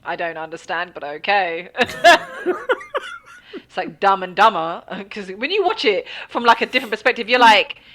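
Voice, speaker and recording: A woman's voice: medium pitch, lively intonation, moderate pace, fairly bright tone, slight background noise. An English woman co-hosting a podcast, chatting casually, laughing often and swearing freely. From England. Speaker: podcast co-host.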